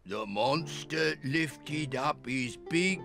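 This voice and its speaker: A woman voicing a sleepy male zebra father in a children's cartoon, telling a story slowly and deliberately. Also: low voice, expressive, creaky, fairly bright tone, faint music behind, full character voice. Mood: drowsy storytelling. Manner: slow, deliberate storytelling, then sung lullaby.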